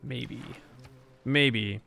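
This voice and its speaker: A man's voice: medium pitch, drawn-out words, vocal fry, bright, forceful tone, faint music behind. A man casually commenting on his own strategy game as he plays, chatting wryly to himself and to the characters in the game. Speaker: streamer. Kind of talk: live gameplay commentary.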